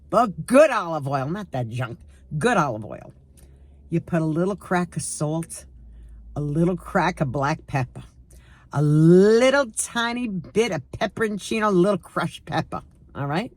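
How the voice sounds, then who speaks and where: A woman's voice: on the low side, no echo. A woman in her sixties chatting casually to camera at home, sarcastic and emphatic as she tells stories. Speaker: lifestyle vlogger.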